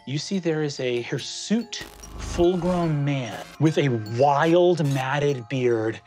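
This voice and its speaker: A man's voice: fairly high pitch, slow pace, a little mellow, soft background music. A man narrating as game master, describing scenes in vivid detail.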